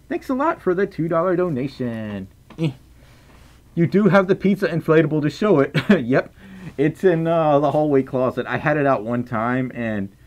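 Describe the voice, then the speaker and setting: Animated, high-voiced young male streamer. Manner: animated, stammering restarts, playful. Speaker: livestreamer reading chat and donations. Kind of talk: casual livestream chat.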